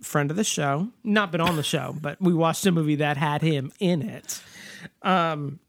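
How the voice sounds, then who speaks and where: A woman co-hosting a casual movie discussion podcast, talking in an animated, sarcastic and laughing way. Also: low-pitched, a little slow. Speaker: podcast co-host.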